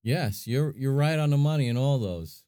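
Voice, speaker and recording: A man's voice: medium pitch, animated, normal speed, mellow, clean tone, no echo, studio quality. A man co-hosting a podcast, chatting casually and thinking aloud with plenty of fillers. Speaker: podcast co-host. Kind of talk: casual chat.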